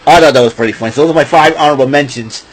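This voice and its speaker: Husky man rambling in casual solo talk. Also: medium pitch, very fast, rough recording. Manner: rambling, restarting, breaks into goofy voices and laughs. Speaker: podcast host.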